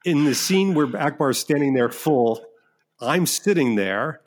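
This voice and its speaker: A middle-aged man, a filmmaker guest in a casual interview, telling stories in an animated, self-deprecating way with many restarts. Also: medium pitch, unhurried.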